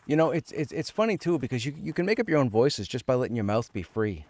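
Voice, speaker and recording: A man's voice: mid-range voice, sing-song, quick pace, hardly any pauses, darkish tone, no room sound. A man streaming a game, chatting casually in a rambling, self-mocking way with a sore throat. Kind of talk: casual livestream chat.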